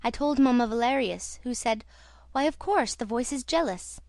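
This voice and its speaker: A woman reading the part of an earnest young female opera singer in an audiobook, in a soft confiding tone. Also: on the high side, expressive, normal speed, dry recording.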